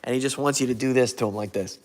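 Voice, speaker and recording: A man's voice: mid-range voice, fast talker. A man hosting a casual livestream, rambling and losing his train of thought while he reads out viewer comments and thanks them. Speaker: livestream host.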